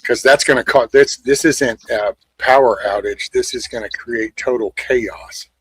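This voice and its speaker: A man with a drawl talks loosely, rambling through his points and swearing freely. His voice is husky and breathy, heard dry and close. He comes across blunt and unfiltered. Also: mid-range voice, measured pace, a bit bright, no echo, rough recording. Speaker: show host. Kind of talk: casual chat.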